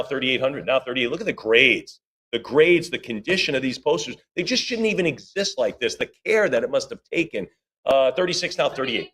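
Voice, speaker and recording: Calling bids quickly at a live auction in an auction room, this man breaks off for casual chat with bidders and staff. He has a mid-range voice with a fairly bright tone.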